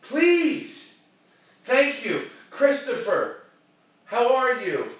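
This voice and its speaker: A man hosting a show and giving a fervent, preachy motivational pep talk that swings from shouting to hushed tones. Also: very high-pitched, wildly swooping pitch, extremely slow, heavy reverb, distant mic. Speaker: motivational live-stream host.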